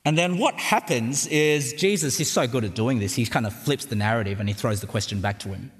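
A man's voice: mid-range voice, brisk. A man with an Australian accent preaching a sermon, conversational and joking, often checking in with the crowd. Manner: conversational and humorous, with frequent tag questions. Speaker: pastor. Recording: long hall reverb.

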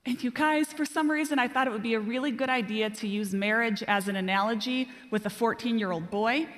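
Woman preacher giving a sermon, kinda high voice, animated and self-deprecating, long echo like a big hall. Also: fairly quick. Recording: reverberant hall.

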